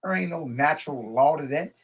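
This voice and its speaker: Slightly high, a little fast, and husky, this man's voice carries a religious lesson built around reading scripture aloud. He laughs a lot and breaks into casual commentary, constantly asking "Hmm?" and "Huh?".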